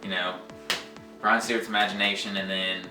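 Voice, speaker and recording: A man's voice: deep voice, little pitch movement, moderate pace, far from the mic. A young man answering casual interview questions about playing a role, rambling with lots of fillers. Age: young adult. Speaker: cast member playing Gatsby. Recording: echoey room. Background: background music.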